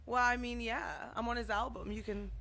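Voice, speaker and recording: A woman's voice: fairly high pitch, level tone, brisk, bright, forceful tone. A woman being interviewed about her music, playful and teasing, laughing often. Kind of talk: casual interview banter.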